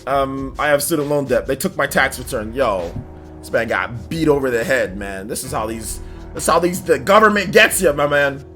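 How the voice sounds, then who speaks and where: A man's voice: mid-range voice, normal speed, sharp tone, soft background music. A young man hosting a livestream in casual chat, reading donations with laid-back slangy banter and frequent laughter. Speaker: livestream host.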